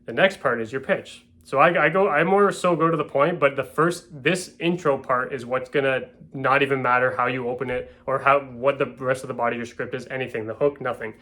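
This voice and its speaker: A man's voice: mid-range voice, brisk, hardly any pauses, bright, forceful tone. A man who sells real estate, at home, giving a casual spoken lesson on door-to-door sales. He keeps checking in with his listeners and acts out door-step scripts.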